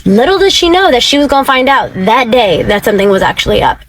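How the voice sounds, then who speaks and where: A woman's voice: on the high side, big pitch swings, fast talker, slight background noise. A woman hosting her own channel, chatty and full of slang as she retells a story with blunt, profane asides. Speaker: YouTube channel host. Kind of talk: storytime reaction commentary.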